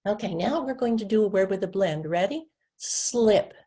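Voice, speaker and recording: Her mid-range voice is expressive and dark in tone, and she talks fast. Running an instructional webinar for teachers, she patiently draws out and taps single speech sounds, taking on both the teacher's and the student's roles and at times replying as her own pupil.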